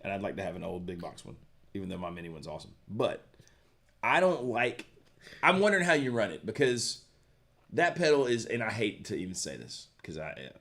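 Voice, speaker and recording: Male stream co-host, low voice, relaxed rambling gear talk. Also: a little fast. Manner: relaxed, rambling, lots of fillers and restarts. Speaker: co-host of a guitar shop live stream. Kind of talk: casual chat, reading viewer comments.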